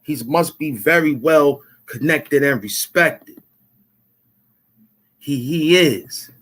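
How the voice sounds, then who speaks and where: A man with a rather high, fairly bright voice talks slowly as he rants at the camera on his own YouTube show. He goads, repeats himself, and demands the money he says is owed to him.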